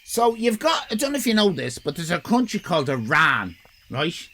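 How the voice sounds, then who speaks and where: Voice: medium pitch, sing-song, normal speed, a bit bright. An Irish live-stream host chatting casually with viewers, rambling and swearing in mock outrage. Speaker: livestream host.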